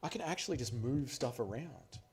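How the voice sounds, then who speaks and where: A man's voice: medium pitch, lively intonation, normal speed, background noise. A man hosting a casual livestream watch party, tipsy and rambling loosely with plenty of swearing. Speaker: livestream host.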